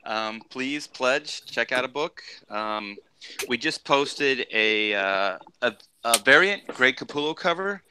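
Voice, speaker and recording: Jokey male comic-artist guest with a bright, forceful voice. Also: mid-range voice, expressive, takes it slowly, slight background noise. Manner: jokey, laughs often. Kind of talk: casual chat.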